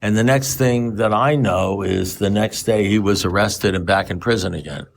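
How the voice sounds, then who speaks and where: A man's voice: on the low side, moderate pace, vocal fry. A man telling his story at a recovery meeting, rambling and self-mocking with dry humor. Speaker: AA speaker sharing his story.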